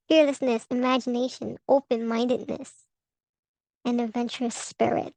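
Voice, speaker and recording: A woman's voice: high-pitched, steady tone, moderate pace, dry recording, poor audio. A woman vlogging about a tarot reading, profane and heated, laughing between rants. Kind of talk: casual ranting vlog.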